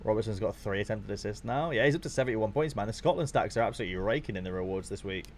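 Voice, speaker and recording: A young man chatting casually to his viewers on a live stream while watching football, swearing freely and getting excited. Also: lowish voice, quick pace, slight background noise.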